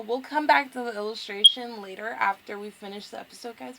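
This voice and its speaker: A woman's voice: a little high, a little fast, creaky, hardly any pauses, slight background noise. A young woman hosting a let's play, giving gushing, exclamatory commentary straight to her viewers. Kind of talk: emotional gameplay commentary.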